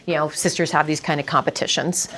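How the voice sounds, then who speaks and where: A woman's voice: sits low, fairly even intonation, quick pace, a bit bright, a little hiss or hum. A woman voicing a tearful niece who cannot bear to let her aunt go, speaking in a pleading, hesitant way. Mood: distraught.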